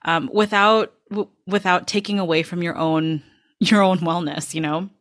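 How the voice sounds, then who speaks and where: A woman's voice: lowish voice, fairly even intonation, moderate pace, no room sound, clean studio sound. A woman who is a nurse, hosting an interview and talking reflectively with many "um"s and "you know"s. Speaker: nurse, podcast host. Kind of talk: casual interview chat.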